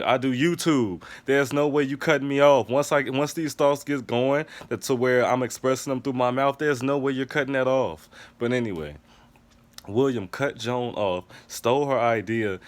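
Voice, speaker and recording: A man giving a casual TV episode review, ranting emphatically with a lot of profanity. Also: on the low side. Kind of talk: casual recap and review monologue.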